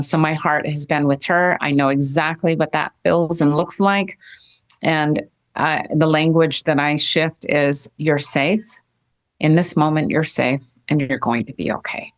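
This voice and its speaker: Very low-voiced earnest woman. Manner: earnest, gentle, repeats phrases. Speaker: guest. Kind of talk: heartfelt interview talk.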